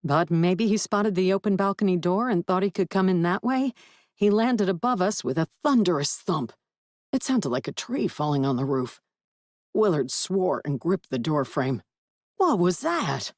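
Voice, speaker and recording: A woman narrating a first-person urban fantasy audiobook with wry, lively storytelling. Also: fairly low pitch, moderate pace, dry recording, studio quality.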